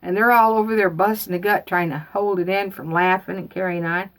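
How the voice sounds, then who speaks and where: Brief: older woman, gravelly voice, rambling folksy storyteller. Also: on the low side, fairly even intonation, fairly quick. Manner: rambling, folksy, repeats herself. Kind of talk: casual storytelling.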